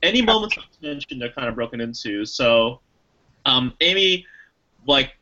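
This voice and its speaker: A man's voice: medium pitch, big pitch swings, moderate pace, dull audio, noisy background. A man chatting casually about a movie as a podcast co-host, rambling with lots of restarts and fillers and acting out lines he quotes. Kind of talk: casual movie review chat.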